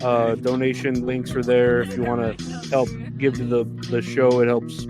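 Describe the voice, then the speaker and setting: The podcast host's mid-range voice is monotone and moves at a moderate pace, while music plays in the background. Alone on the mic, he rambles aimlessly, swearing and running himself down.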